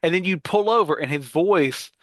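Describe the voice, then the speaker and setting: A man's voice: high-pitched, moderate pace, no echo. A middle-aged man co-hosting a podcast, telling stories in casual chat, acting out other people's voices and laughing often. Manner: animated storyteller, acts out voices, laughs often. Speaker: podcast co-host.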